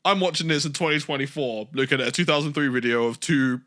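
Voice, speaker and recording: A man's voice: medium pitch, quick pace, bright, forceful tone. A young man co-hosting a casual wrestling chat, laughing often and swearing freely. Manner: laughs often, swears, does mocking impressions. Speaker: podcast co-host.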